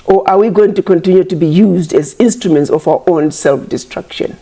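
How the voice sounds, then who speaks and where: A woman's voice: on the low side, a little fast, warm tone, slightly rough. A woman giving an impassioned public address, scolding her critics with repeated rhetorical questions.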